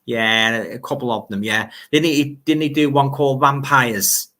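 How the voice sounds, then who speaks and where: A man's voice: mid-range voice, normal speed, bright, forceful tone. A man with a Liverpool accent hosting a casual livestream, reading out viewer comments and chatting in a rambling way, often repeating words as he goes.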